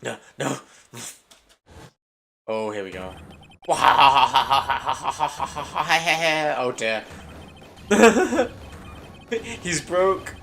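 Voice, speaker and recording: A young man giving excited, casual commentary on a video game, laughing often and swearing freely. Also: mid-range voice, slow pace, creaky, pauses often, a little hiss or hum. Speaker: gaming video creator.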